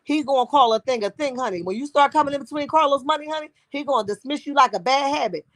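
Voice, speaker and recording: A woman hosts a casual gossip live-stream, sassy and talkative. Her voice sits high. It is recorded dry and close, with no room sound. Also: quick pace, no room sound. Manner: sassy, calls viewers honey and boo.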